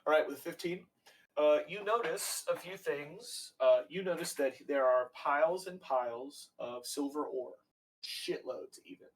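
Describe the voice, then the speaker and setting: A man's voice: a little high, unhurried. Rambling male game master, off-mic. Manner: rambling, full of fillers and swearing. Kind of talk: narrating a tabletop game. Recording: voice a bit distant from the mic.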